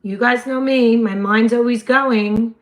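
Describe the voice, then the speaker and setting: A woman, hosting a casual livestream chat in a slightly hoarse voice and laughing often. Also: on the high side, steady tone, unhurried. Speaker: livestream host.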